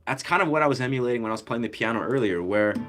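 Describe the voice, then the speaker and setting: A man's voice: medium pitch, animated, racing. A young man, a musician and content creator, talking casually and at length about music and ear training, loose and slangy with lots of fillers.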